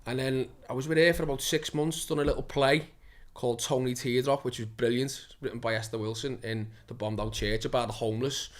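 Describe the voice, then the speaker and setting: A man's voice: mid-range voice, fairly even intonation, a little fast, few pauses. A young man, an actor telling stories in a casual, swear-filled way and laughing as he goes. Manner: swears freely, laughs through his stories. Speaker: actor guest. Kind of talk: casual storytelling.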